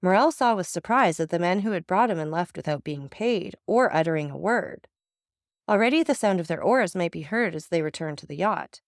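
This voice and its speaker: A woman narrating a classic novel as an audiobook reader, telling it in a steady, even way. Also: on the low side, a little fast, no echo, clean studio sound.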